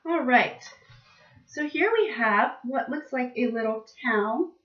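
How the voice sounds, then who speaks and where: A young woman teaching vocabulary to small children, speaking slowly and with exaggerated emphasis. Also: on the high side, lively intonation. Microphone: laptop webcam. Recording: distant, roomy, dull webcam audio.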